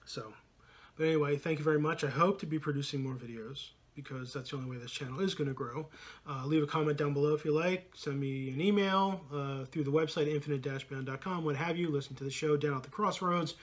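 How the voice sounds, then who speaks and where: A man in his thirties talks straight to his viewers in a relaxed, rambling way. His voice sits a little on the high side, and he often stops to correct himself and fill pauses with "uh" and "you know.". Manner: rambling, filler-heavy, self-correcting. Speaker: podcast co-host and vlogger. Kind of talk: casual vlog talk to camera.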